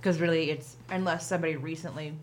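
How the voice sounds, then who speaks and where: A woman's voice: low voice, steady tone, fast. A woman player at a tabletop game, plain-spoken and practical as she talks through her plan. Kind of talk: casual game table talk.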